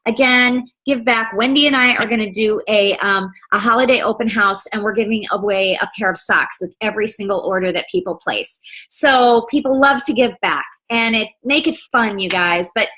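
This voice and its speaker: A woman's voice: mid-range voice, normal speed, sharp tone, poor audio. A woman hosting a team video call, giving an enthusiastic sales pep talk and repeatedly saying "you guys".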